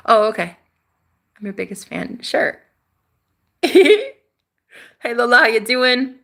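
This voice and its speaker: A woman's voice: on the high side, sing-song, slow pace, gravelly, pauses often, fairly bright tone. A young woman hosting a spiritual livestream, chatting casually, reading out viewer comments with sass, swearing freely and laughing often.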